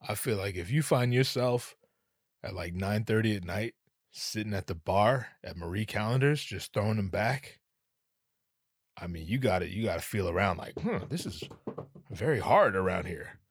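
Low-voiced, profane podcast host. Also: male voice, normal speed, dry recording, clean studio sound. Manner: profane, joking, slips into voices. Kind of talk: casual comedic monologue.

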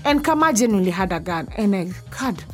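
A young woman, candidly telling a personal story and dropping to a hushed voice when it gets frightening. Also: medium pitch, animated, quick pace. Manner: candid, intense, drops to a hushed voice at scary parts. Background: faint music.

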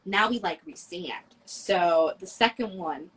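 A woman co-hosting a casual podcast, telling stories in an animated, dramatic way with quick asides. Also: fairly low pitch, husky, rough recording. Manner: animated, dramatic retelling with laughter. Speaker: podcast co-host. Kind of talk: casual chat about books.

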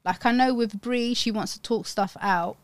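A woman, a mother and podcast guest, telling stories in an animated way and acting out what people said. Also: fairly high pitch, normal speed, no echo. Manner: animated storyteller, acts out quotes. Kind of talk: casual chat.

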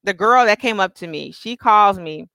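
A woman in her thirties telling a story in casual chat, profane and animated, acting out what people said. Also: mid-range voice, moderate pace, vocal fry, clean tone, no room sound. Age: 30s. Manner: animated, profane, acts out quotes. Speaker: podcast co-host.

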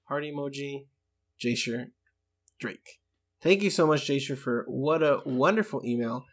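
With lively intonation and a slightly slow pace, a medium-pitched English man co-hosts a podcast. He is enthusiastic and chatty, uses many fillers, and reads listener emails aloud.

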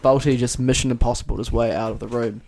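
Male podcast host, mid-pitched, loose rambling banter, laughs a lot. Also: fairly even intonation, crowd noise. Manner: chatty, quick to laugh, rambling storyteller.

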